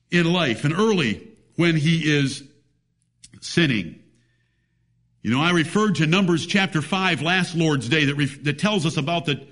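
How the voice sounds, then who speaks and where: A man's voice: fairly high pitch, a bit bright. A man preaching a sermon, emphatic, reading scripture in old-fashioned biblical wording.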